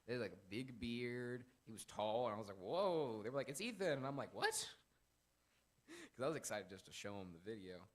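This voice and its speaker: A young man in his twenties hosting a casual faith podcast, rambling and animated as he tells stories and acts out quotes. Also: on the low side, normal speed. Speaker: podcast host.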